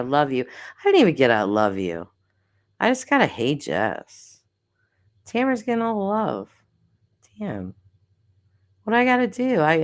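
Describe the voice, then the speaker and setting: A middle-aged woman chats on her live stream in a low voice that swoops up and down with lively expression. She giggles often, reads viewers' comments aloud and jokes about herself. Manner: giggly, self-deprecating, chatty. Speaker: live stream host reading chat. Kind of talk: casual live stream chat.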